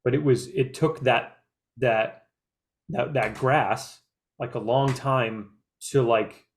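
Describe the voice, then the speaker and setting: A man's voice: mid-range voice, slow, vocal fry, a little hiss or hum. Casual chat, man, earnest and rambling, lots of filler words. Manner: meandering, many filler likes; earnest, reflective. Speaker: group discussion member.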